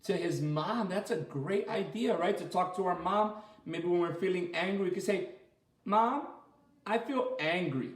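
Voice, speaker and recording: A man's voice: sits high, normal speed, few pauses, distant mic. A man, a martial arts instructor, reading a story aloud to children and coaxing them with questions as he goes. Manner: coaxing, checks in with listeners with questions. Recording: roomy echo.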